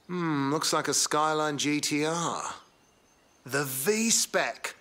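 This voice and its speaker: A man's voice: a little high, takes it slowly, background noise. An actor playing an eager male car-hunting sidekick with an Australian accent, an awed and chatty car enthusiast in video game dialogue. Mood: excited.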